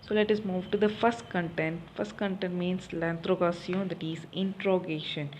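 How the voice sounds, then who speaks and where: A woman's voice: on the low side, fairly even intonation, moderate pace, darkish tone, a little hiss or hum. A young woman teaching a recorded French lesson. She asks questions and answers them herself, often repeating key points.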